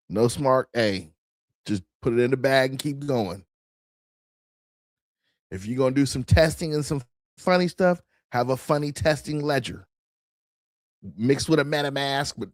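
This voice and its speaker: A man's voice: medium pitch, a little mellow, dry recording, studio quality. A man hosting a crypto show, chatting casually and rambling as he clicks through screens. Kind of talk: casual livestream commentary.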